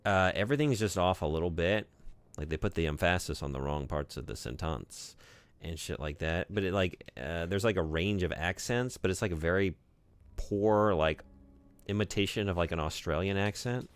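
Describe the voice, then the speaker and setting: A man's voice: low voice, normal speed, clean tone. A man streaming a video game, chatting casually and rambling with lots of fillers and the odd swear. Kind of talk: casual gaming stream chat.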